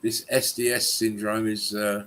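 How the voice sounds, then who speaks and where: A man's voice: fairly low pitch, little pitch movement, unhurried, a bit bright. A man hosting a casual chat, agreeing often and chiming in. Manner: agreeable, backchanneling.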